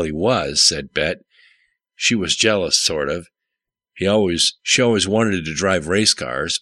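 A man's voice: low voice, pushed and bright, dry recording. A man narrating a story aloud, plainly, with the odd slip. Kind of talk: audiobook reading.

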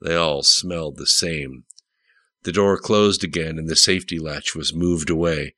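A man narrating an audiobook with steady, plain storytelling. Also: a bass voice, a little slow, no echo.

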